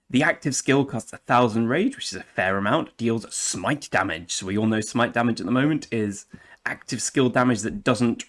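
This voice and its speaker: An English man hosting a game commentary video, chatty and jokey, now and then slipping into playful put-on accents. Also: lowish voice. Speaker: gaming channel host.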